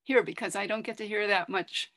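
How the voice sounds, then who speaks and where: A woman's voice: mid-range voice, brisk, fairly bright tone, no echo. A woman speaking as a guest on a video call, chatty and enthusiastic, rambling a little as she talks. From United States. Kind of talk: casual chat on a video call.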